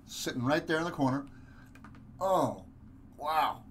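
A man's voice: on the high side, lively intonation, a little slow, fairly bright tone, a little hiss or hum. A man hosting a live card-break stream, giving chatty, upbeat commentary as he opens packs. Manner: chatty, upbeat, many fillers.

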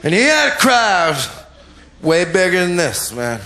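A man's voice: sits high, big pitch swings, measured pace, bright, forceful tone, reverberant, a little hiss or hum, rough recording. A man doing stand-up, laughing through his lines and swearing, on a stage mic in a live venue. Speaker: stand-up comedian. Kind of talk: stand-up comedy. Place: comedy venue with audience.

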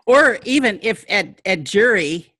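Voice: medium pitch, a little slow, no echo, studio quality. A co-host in a casual commentary chat, who mostly answers with short agreeing replies and sometimes adds a longer point. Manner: brief agreeing replies, relaxed.

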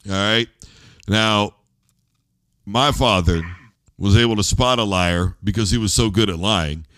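A man's voice: fairly low pitch, unhurried, a bit bright, no echo. A man in his thirties hosting a casual sports talk show, loose and rambling, often repeating words as he starts a thought. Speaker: show host.

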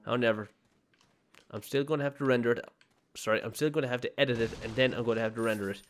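A man's voice: mid-range voice, steady tone, quick pace. A man hosting a gaming channel, giving casual, self-mocking commentary while playing a horror game at home. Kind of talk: let's play commentary. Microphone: desk mic with webcam.

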